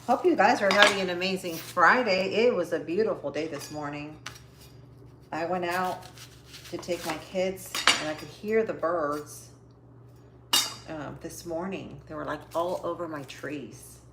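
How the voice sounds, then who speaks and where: A woman's voice: on the low side, unhurried. Chatty woman livestreaming from her kitchen. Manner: chatty and upbeat, talks while chopping. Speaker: cooking livestream host. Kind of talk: casual cooking chat to live viewers. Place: home kitchen. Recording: echoey kitchen with faint noise.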